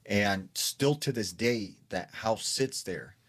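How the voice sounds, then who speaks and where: A man's voice: on the low side, slow pace. A man casually retelling a scary story secondhand, with lots of fillers.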